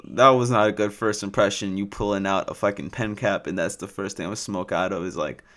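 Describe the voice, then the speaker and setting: A man's voice: on the low side, steady tone, fairly quick, a bit bright. A young man from California tells a rambling, profane story in a casual storytime vlog, full of "like" fillers. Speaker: vlogger.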